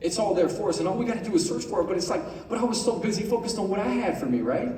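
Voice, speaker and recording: A young man giving a casual, conversational sermon to a youth group, often asking "right?" and reading scripture out slowly. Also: high-pitched, animated, warm tone, slight background noise. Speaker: youth pastor. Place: large room on stage. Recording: echoey room, voice from far off.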